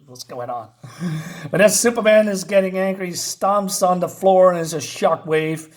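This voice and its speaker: A man's voice: sits high, moderate pace. A man casually reviewing a comic book, incredulous and sarcastic, with lots of fillers.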